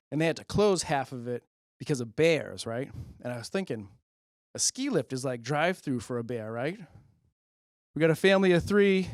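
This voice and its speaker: A man's voice: mid-range voice, no echo, studio quality. A man doing a rambling, self-amused stand-up monologue into a handheld mic on a public-access show. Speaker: comedian host.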